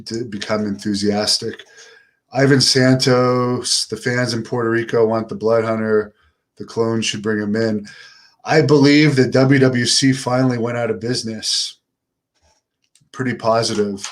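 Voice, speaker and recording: A middle-aged man from Canada hosting a casual live stream, answering viewer questions in a relaxed, unenthusiastic way. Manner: relaxed, low-key and unenthusiastic delivery.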